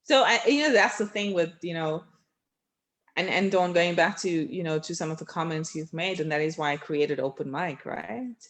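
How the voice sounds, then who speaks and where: A woman's voice: on the low side, normal speed. Affirming woman host, full of fillers. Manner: warm affirming, many fillers. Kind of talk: casual chat.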